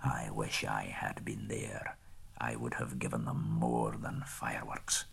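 A man voicing a huge, gruff, bearded shape-shifting man in a storybook reading, speaking bluntly. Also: sits low, sing-song, unhurried, a bit bright, heavily acted. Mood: muttering.

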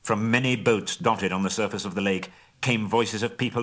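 A man's voice: lowish voice, steady tone, moderate pace, few pauses, loud music behind the voice. A man reading a story aloud as an audiobook narrator, with a dramatic delivery. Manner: dramatic, swelling at action, hushed at endings.

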